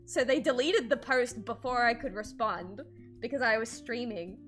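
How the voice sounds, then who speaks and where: A woman artist chatting casually on a livestream while drawing, animated and swearing freely, with frequent laughs. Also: on the high side, normal speed, soft background music. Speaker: streamer and artist.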